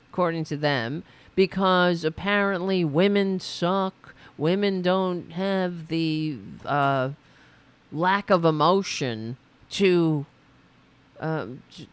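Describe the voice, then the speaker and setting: A woman's voice: lowish voice, clear, resonant tone. A woman hosting a political commentary livestream, talking in an indignant, sarcastic and profane way. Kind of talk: livestream commentary reacting to clips.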